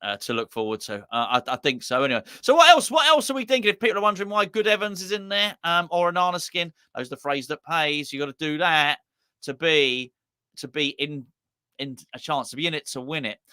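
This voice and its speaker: This live football stream host has a fairly high, smooth male voice with a sharp tone, lively intonation, and a fairly quick pace, captured dry. He chats loosely and reads viewers' comments, rambling, poking fun at himself, and stammering through restarts.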